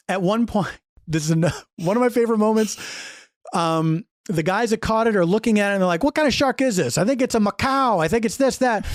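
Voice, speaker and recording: A man in casual podcast chat, telling a film's story with animated asides and acted-out character lines. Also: high voice, no room sound, clean studio sound. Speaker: podcast guest recapping a film.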